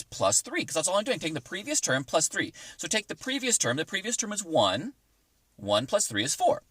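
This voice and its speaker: Upbeat teacher with a bright, lively voice. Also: male voice, high voice, breathy edge, no echo. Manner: encouraging, chatty, thinks aloud. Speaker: math teacher. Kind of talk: casual recorded math lesson. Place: inside a parked car.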